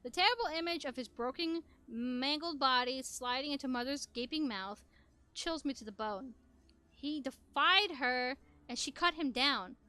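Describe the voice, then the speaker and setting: A woman reading a visual novel aloud in expressive first-person narration on a headset mic. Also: high-pitched, moderate pace, clear, resonant tone. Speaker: gameplay narrator.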